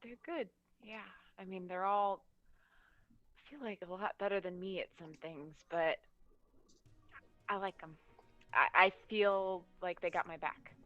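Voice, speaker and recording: A woman playing a tabletop game, speaking softly and laughing easily. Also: mid-range voice, unhurried, pauses often, dull audio, soft background music. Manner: soft, laughing. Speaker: player.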